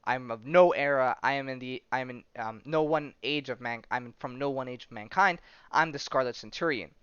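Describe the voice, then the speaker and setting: A man's voice: medium pitch, brisk, fairly bright tone, clean tone, no echo, lightly acted. A man reading out the lines of a grandiose male time-travelling villain from a comic, stumbling over words with fillers. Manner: reads comic dialogue aloud with fillers. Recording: dull lo-fi sound.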